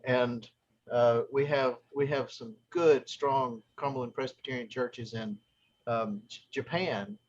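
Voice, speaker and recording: A man leading a group discussion, telling a long story in a halting way, with many restarts. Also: mid-range voice, muffled recording.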